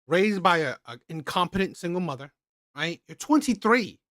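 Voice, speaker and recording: A man's voice: high voice, lively intonation, moderate pace, a bit bright, no echo, studio quality. A man hosting a reaction channel, commenting on a clip with indignant rhetorical questions.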